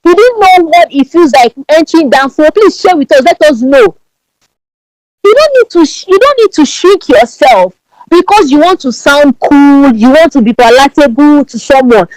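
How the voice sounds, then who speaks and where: A woman from Ibadan with a Nigerian Yoruba accent, speaking as a guest on a podcast in an emphatic, animated way and often repeating words. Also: sits high, moderate pace, dry recording, low-quality recording. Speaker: podcast guest, branding strategist. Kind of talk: podcast interview.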